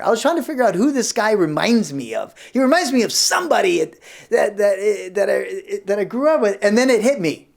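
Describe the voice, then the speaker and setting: A man in his fifties hosting a comedy show, telling rambling stand-up stories about high school. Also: sing-song, normal speed, gravelly. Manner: rambling, self-interrupting. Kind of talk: stand-up storytelling.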